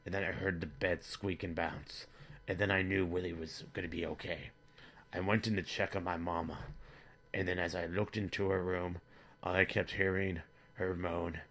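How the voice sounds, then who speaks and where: A man with a very low voice and a bright, forceful tone delivers a comic monologue as a father character. He rambles through it in a flat, matter-of-fact deadpan. He keeps a dry, plain delivery throughout. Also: moderate pace. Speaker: comedy vlogger in character as a father.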